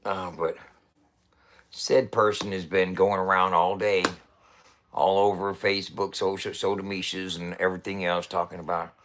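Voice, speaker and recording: A man's voice: low voice, level tone, normal speed, fairly bright tone, slight background noise. A middle-aged man ranting in a casual, profane way, swearing often and coughing between lines. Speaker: website founder ranting to camera.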